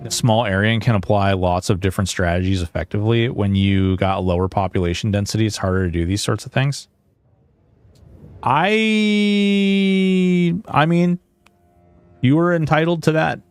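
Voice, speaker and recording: A man's voice: lowish voice, expressive, moderate pace, pauses often, clear, resonant tone, no echo. A man streaming a video game, talking in an earnest, rambling way into a headset. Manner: earnest, rambling, with many restarts. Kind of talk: livestream chat and game commentary.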